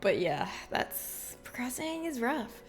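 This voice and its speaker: A woman's voice: a little high, sing-song, measured pace, faint music behind. A woman game streamer chatting casually and playfully with her viewers, often giggling. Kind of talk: casual livestream chat with viewers.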